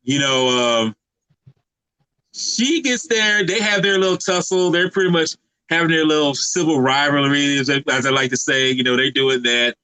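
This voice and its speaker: A man on a podcast giving a casual, halting movie recap full of fillers and restarts. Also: a little high, pushed and bright, clean tone, no echo, rough recording. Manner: rambling, halting with many fillers. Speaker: podcast co-host.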